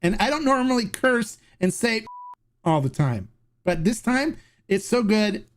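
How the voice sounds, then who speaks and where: A man hosting a casual tequila review livestream, excitable and chatty, laughing often and restarting his sentences. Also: high-pitched, unhurried, a little hiss or hum.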